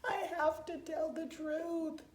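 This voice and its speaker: A woman's voice: extremely high pitch, level tone, slow pace, voice pushed up. A woman voicing a cheeky young boy in a storybook tale, in a roomy, echoey room. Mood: eager.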